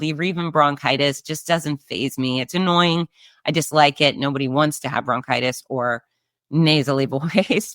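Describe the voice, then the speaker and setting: A middle-aged woman hosting a casual solo chat, upbeat and breezy, her voice nasal and hoarse. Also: low voice, fairly bright tone, no echo, clean studio sound. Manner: chatty and upbeat, breezy asides. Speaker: race announcer and show host.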